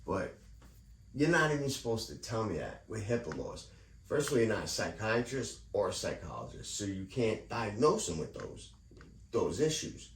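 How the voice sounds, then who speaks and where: A lowish-voiced man, very animated and at a moderate pace, vlogs a rambling, profane tirade about his neighbor and housing program, heated and digressive. Slight background noise, echo from the room, a distant mic, and faint ambience are audible.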